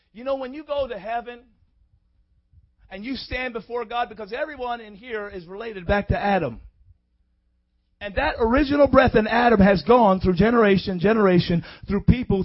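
A male preacher with a very high voice delivers a rousing sermon, dropping low, then rising to shouts and calling out to the congregation. The recording is dull and lo-fi. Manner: call-and-response preaching, swings from quiet to shouting.

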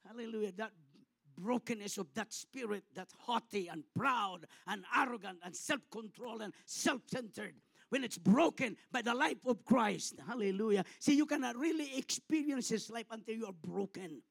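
A middle-aged Filipino man preaches with passion, rising to loud, fervent peaks and sinking to hushed tenderness. His voice sits high and carries a gravelly edge. It sounds close and dry, with no room around it. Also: moderate pace, no echo. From Philippines. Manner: impassioned preaching, swelling loud then dropping soft. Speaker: pastor. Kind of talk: sermon.

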